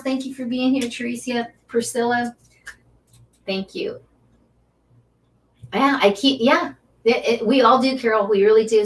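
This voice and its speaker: A woman's voice: a little high, a bit bright, recorded from a distance. A woman hosting a casual live stream, chatty and effusive, cheering on and encouraging her viewers. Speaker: angel card reader and Reiki teacher hosting a live stream.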